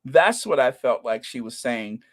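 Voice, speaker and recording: A man's voice: medium pitch, unhurried. Gushing man chatting on a livestream. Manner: gushing and excitable, talks to viewers as you guys. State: runny nose, clearing throat. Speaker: channel host. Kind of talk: casual live-stream chat reading viewer comments.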